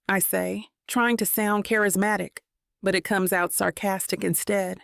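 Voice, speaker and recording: A woman's voice: mid-range voice, steady tone, a little slow, vocal fry, no room sound, studio quality. A woman narrating a first-person romance audiobook in an intimate, reflective manner.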